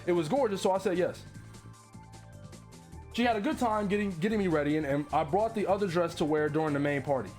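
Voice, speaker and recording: A man's voice: high-pitched, a little fast, a little mellow, soft background music. A man streaming his reactions to online posts, reading them aloud with profane, incredulous commentary and frequent laughter.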